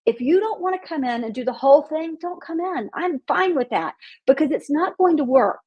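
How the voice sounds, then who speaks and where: A woman's voice: high-pitched, lively intonation, moderate pace, dull audio. A woman hosting a marketing podcast, speaking bluntly with profanity and a fired-up, outspoken manner.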